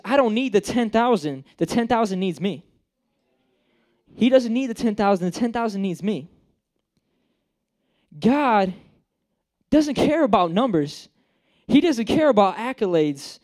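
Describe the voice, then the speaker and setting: A young man preaching in a loose, conversational way, with a fairly high voice. He jokes, uses slang and acts out the people in his story. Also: a little mellow. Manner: chatty, joking, acts out characters. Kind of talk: casual sermon.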